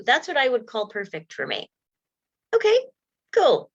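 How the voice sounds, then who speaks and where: A woman's voice: high voice, wildly swooping pitch, measured pace, pauses often, highs cut off. A woman giving an earnest, emotional self-help talk, laughing often and acting out inner voices. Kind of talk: motivational talk.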